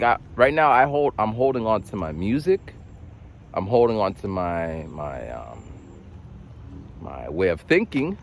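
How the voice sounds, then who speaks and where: A young man muses aloud in a loose, rambling vlog, his pitch swinging widely as he slips into little acted voices. His voice sits at an ordinary middle pitch. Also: slight background noise. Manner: rambling, animated, full of restarts and acted voices. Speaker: vlogger. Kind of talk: casual monologue.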